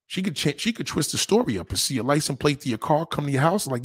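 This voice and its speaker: A man delivering a crude, profane comic rant, animated and acting out the people he talks about. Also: fairly high pitch, fast, few pauses, breathy edge. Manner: profane, animated, acts out voices. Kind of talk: crude stand-up style rant.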